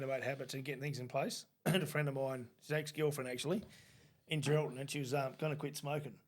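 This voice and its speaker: A middle-aged Australian man co-hosting a podcast, telling stories bluntly and casually, with the odd swear word. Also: mid-range voice. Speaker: podcast co-host. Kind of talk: casual chat.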